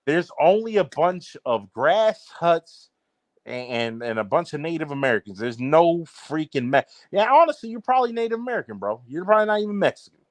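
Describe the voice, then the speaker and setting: A man's voice: a little high, big pitch swings, a little fast, no room sound. Brash, mocking young man trash-talking. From Baltimore area, East Coast US. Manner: brash, mocking, repeats himself with "bro". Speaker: podcast co-host. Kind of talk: casual trash-talk banter.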